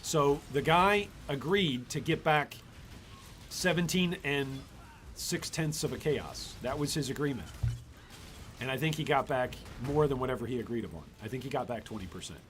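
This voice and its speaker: A man's voice: medium pitch, expressive, normal speed, a bit bright, a little hiss or hum. Man rambling over his gameplay. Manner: rambling, exasperated asides. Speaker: gaming channel host. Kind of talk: casual gameplay commentary.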